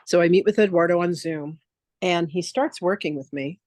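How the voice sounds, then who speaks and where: A woman with a medium voice hosts a live online class and tells her story casually. She jumps into quoted voices with lively energy. The sound is dry and close, like a computer mic on a video call. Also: lowish voice, normal speed, dry recording. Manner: chatty, animated, acts out quotes in a lively voice. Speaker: spiritual teacher hosting a free online masterclass.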